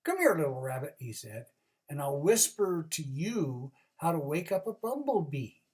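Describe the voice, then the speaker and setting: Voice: mid-range voice, big pitch swings, normal speed, darkish tone, far from the mic, lightly acted. A storyteller voicing a wise old male groundhog who speaks kindly and confides advice. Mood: confiding.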